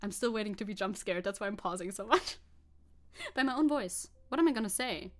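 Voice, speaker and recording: A woman's voice: mid-range voice, lively intonation, a little fast, faint music behind. A woman streaming casually, rambling and self-mocking with frequent laughs and restarts, speaking English with a non-native accent. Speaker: VTuber streamer. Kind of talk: casual livestream chat reacting to a video.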